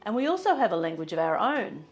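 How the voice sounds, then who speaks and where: A woman's voice: mid-range voice, sing-song, fast talker, faint music behind. Chatty Australian woman explaining travel tips. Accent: general Australian. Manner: chatty and explanatory, with light humour. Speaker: travel vlogger. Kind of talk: scripted travel-advice narration.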